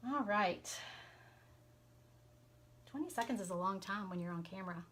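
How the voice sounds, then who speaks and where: A woman's voice: mid-range voice, animated, moderate pace, pauses often, fairly bright tone, slight background noise. A woman with a Southern American accent chatting casually with viewers as she works on a craft live stream, with plenty of fillers along the way. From Southern United States. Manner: chatty, talks to viewers while working, many fillers. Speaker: craft vlogger.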